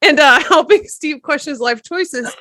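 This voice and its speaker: A woman panelist on a casual podcast roundtable, with a high, bright voice. She jokes and giggles between lines, and the room sound is dry and close. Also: normal speed, no echo. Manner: joking, giggly.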